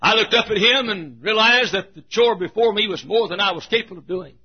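A man preaching a sermon as pastor, emphatic, swinging between shouted points and hushed asides, with a husky voice. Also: high-pitched, fairly quick. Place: church. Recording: dull lo-fi recording.

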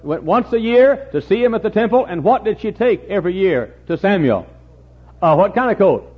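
A folksy preacher man telling a story from the pulpit, with joking asides and acted-out voices. His voice sits slightly high, husky, and swings widely in pitch. The recording is dull and lo-fi. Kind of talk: sermon.

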